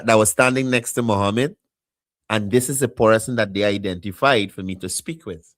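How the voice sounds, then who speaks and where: A man hosting a call-in talk show, animated and repeating his phrases. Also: on the low side.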